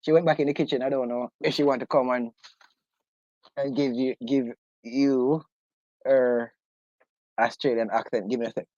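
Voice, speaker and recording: This British livestream host has a medium-pitched, darkish voice with fairly even intonation, a moderate pace and frequent pauses. He chats loosely, jokes with listeners and laughs easily; the audio is dull and dry, with no echo.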